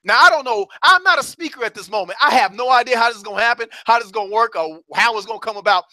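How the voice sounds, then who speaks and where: A man's voice: very high voice, very fast, pushed and bright, no echo. A man giving a motivational talk, telling stories and repeating words for emphasis. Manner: storytelling, acts out quoted voices. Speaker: motivational speaker.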